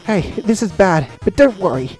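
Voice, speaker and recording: An awkward female scientist blurts out rescue plans in an excited rush. The voice is mellow and lively in pitch, with faint game music behind, as a gamer voices her. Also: normal speed, close to an everyday voice. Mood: urgent.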